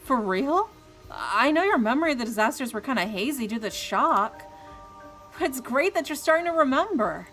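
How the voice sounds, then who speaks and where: A woman's voice: medium pitch, animated, a little slow, a bit bright, soft background music, rough recording. A woman voicing a caring, encouraging young woman in a game.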